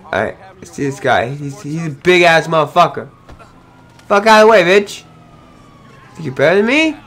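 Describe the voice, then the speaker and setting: A young man giving loud, excitable gameplay commentary, often yelling and cursing at what happens on screen. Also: a little high, moderate pace. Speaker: gaming video host.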